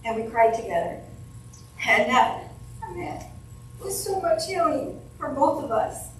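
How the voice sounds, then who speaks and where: A woman delivers a eulogy from her notes in a funeral home chapel, her slightly high voice halting and emotional. She is heard from a distance in a very echoey hall, with faint room noise behind her. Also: very animated. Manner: emotional, halting, with restarts and soft laughs. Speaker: family member giving a eulogy.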